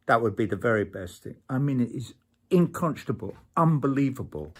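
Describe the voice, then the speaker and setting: A man's voice: medium pitch, animated, fairly quick. An older man, a musician, ranting in an indignant, exasperated tone in a played clip. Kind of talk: angry rant, played clip.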